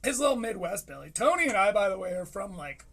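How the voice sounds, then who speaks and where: High-voiced, profane live-stream commentator. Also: male voice, very animated, vocal fry, fairly bright tone. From Michigan, USA. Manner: profane, joking, fast asides. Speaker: streamer reviewing a comedy special.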